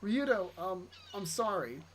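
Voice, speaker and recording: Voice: mid-range voice, very animated, measured pace, slight background noise. A player reading aloud for a timid, earnest little girl who hesitates often. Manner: hesitant, full of ums.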